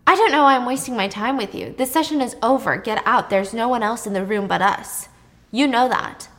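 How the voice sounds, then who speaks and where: A woman's voice: fairly high pitch, brisk, a bit bright. A woman voicing a frustrated male psychiatrist who presses and dismisses his patient. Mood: dismissive.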